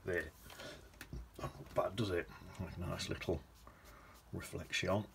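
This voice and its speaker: A man's voice: low-pitched, fairly even intonation, slow pace, vocal fry, noisy background. A man teaching watercolour painting in a chatty, rambling way, humming to himself as he paints. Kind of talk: casual painting demonstration.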